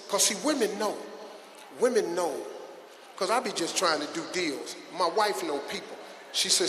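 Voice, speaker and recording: Animated man speaking in a hall. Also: sits high, moderate pace, a little hiss or hum. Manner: animated, acts out quotes, big swings between shouting and hushed asides. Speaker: guest speaker at a youth event. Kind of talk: comedic motivational speech to a live crowd. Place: large hall with a live audience. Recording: echoey hall with long reverb.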